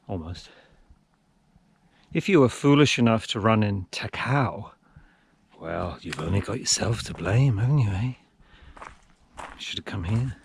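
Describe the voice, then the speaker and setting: A man's voice: lowish voice, darkish tone, slight background noise. A man narrating his trail run in a casual, self-mocking vlog, talking to himself out on a mountain trail. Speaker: trail-running vlogger.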